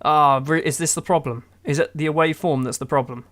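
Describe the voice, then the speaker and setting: A man's voice: a little high, fairly even intonation, a little fast, fairly bright tone. Exasperated man commentating a game. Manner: exasperated, sarcastic running match commentary. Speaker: gaming YouTuber. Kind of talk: playing a football manager game with live commentary.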